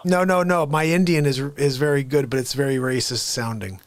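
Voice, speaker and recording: A man's voice: medium pitch, a crowd in the background. Joking, rambling male talk show host. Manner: rambling, quick restarts, jokey. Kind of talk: casual live talk show chat.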